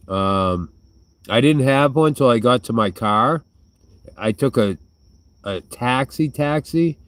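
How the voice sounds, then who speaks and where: A man's voice: mid-range voice, animated, slow, long pauses, a bit bright, no echo. A man chatting casually to his viewers, swearing freely, trailing off and restarting, with a smoker's cough now and then. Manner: smoker's cough between sentences. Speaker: vlogger answering viewer questions.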